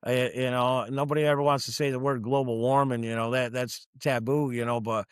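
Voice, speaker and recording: A man's voice: medium pitch, little pitch movement, a little fast, smooth, dry recording. Union truck guy telling it straight, cusses a lot, mid voice, dead dry sound. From New York. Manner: blunt, profane, emphatic. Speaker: union truck driver guest. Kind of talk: casual podcast storytelling.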